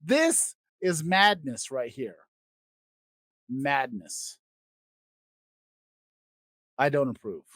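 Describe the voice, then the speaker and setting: A man hosting a comedy podcast, ranting crudely and swinging between loud outbursts and quiet asides. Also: medium pitch, big pitch swings, drawn-out words, long pauses, no room sound. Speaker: podcast host. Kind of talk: comedic rant.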